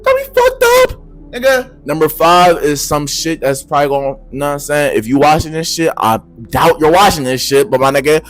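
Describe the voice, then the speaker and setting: A young man giving a profane, slangy advice rant to camera, swinging between low mutters and loud shouts. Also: steady tone, a little fast, few pauses, faint music behind. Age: young adult. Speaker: vlogger.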